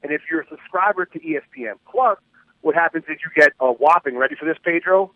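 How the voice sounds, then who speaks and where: A man's voice: a little high, quick pace, narrow, tinny audio. Wry man co-hosting a radio talk show. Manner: easygoing, wry opinionated commentary.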